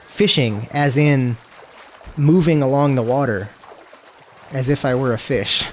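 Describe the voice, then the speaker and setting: A man's voice: mid-range voice, slow pace, slight background noise. A man streaming a western game, chatting casually in loose, profane, self-mocking talk. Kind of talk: casual gameplay commentary.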